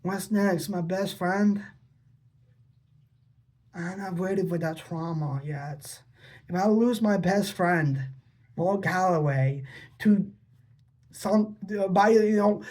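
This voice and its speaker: In an unscripted personal vlog, a man rambles through a monologue addressed to his father, repeating himself and asking pleading questions. His voice is high and a little mellow, slow-paced, with long pauses.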